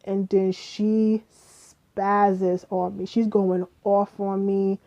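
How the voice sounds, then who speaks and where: Young woman, casual storytime vlog, swears a lot, mellow tone, dull lo-fi audio. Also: mid-range voice, extremely slow. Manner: profane, animated retelling with quoted dialogue. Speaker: vlogger.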